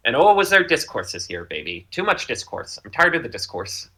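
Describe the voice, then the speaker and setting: A man's voice: mid-range voice, very animated, a little fast, bright, forceful tone. A man co-hosting a casual podcast, joking and rambling, and breaking into silly voices now and then. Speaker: podcast co-host. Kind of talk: casual chat.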